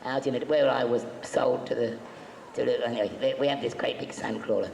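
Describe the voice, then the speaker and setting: This convention panel guest has a mid-range, gravelly, somewhat mellow voice, speaking steadily and a touch fast. He shares chatty, joking anecdotes with a live audience and performs the quoted lines. The recording carries hall echo and faint background noise.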